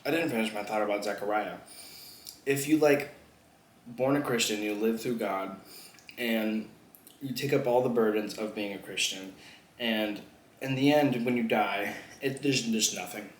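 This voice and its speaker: Eating on camera for a mukbang vlog, this young man talks casually between mouthfuls, laughing and cursing a lot. He speaks at normal speed in a lowish voice, and the room echoes with a faint hum of background noise.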